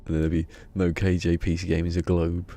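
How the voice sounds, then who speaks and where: Gravelly deep-voiced man streaming. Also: completely flat delivery, fast, warm tone. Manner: joking, rambling, laughs often. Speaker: live streamer. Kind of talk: casual live stream chat.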